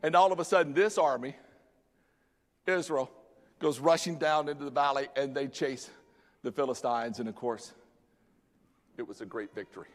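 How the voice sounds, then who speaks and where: A male pastor preaching a sermon, animated and dramatic, mixing Bible story with casual slang. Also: medium pitch, moderate pace, pauses often. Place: church sanctuary. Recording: long church hall reverb.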